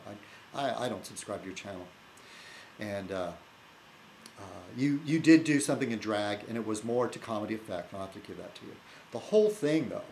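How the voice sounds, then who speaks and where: A man talking casually to camera as a video blogger, rambling and teasing, halting often with fillers and restarts and chuckling to himself. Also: fairly low pitch, a little hiss or hum, rough recording. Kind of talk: rambling casual vlog chat.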